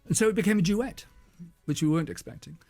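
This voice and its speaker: Gravelly-voiced older man. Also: sits high, animated, fast talker, darkish tone, no room sound, faint music behind. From England. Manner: chatty storyteller, laughs often. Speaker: radio guest, musician. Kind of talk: anecdotal radio conversation.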